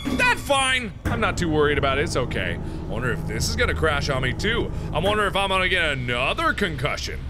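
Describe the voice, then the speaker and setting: High lively guy yelling and cursing through a scary game, loud game music behind. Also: brisk. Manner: screams, swears and panics, then calm musing. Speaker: let's play host. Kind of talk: horror game commentary.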